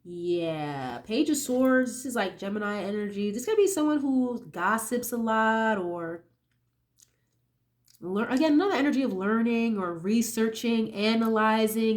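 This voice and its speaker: Expressive and a little slow, her fairly high voice carries a relaxed tarot reading as she sniffles through the end of a cold. She's a chatty young reader who often asks "okay?" and swears casually.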